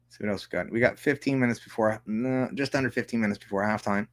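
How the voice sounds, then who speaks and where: A man's voice: lowish voice, fairly even intonation, fast. Sarcastic, profane male political commentator. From Canada. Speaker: host. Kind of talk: political commentary reading news articles.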